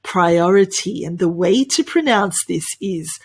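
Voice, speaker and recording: An Australian woman teaching English pronunciation in an online lesson, cheerful, often laughing and drilling words slowly. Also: on the low side, lively intonation, slightly rough.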